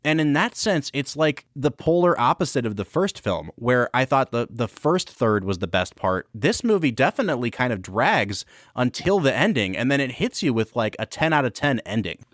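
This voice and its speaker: A man's voice: mid-range voice, big pitch swings, moderate pace, hardly any pauses, no room sound, studio quality. A man co-hosting a film and whiskey podcast, talking through a movie in casual, enthusiastic, analytical chat. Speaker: podcast co-host.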